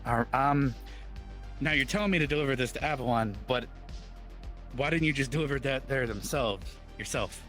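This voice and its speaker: A man's voice: mid-range voice, normal speed, a bit bright, soft background music. A man playing a medic in a casual roleplay, talking hesitantly, asking many questions to clarify and often sighing. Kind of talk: casual in-character roleplay chat.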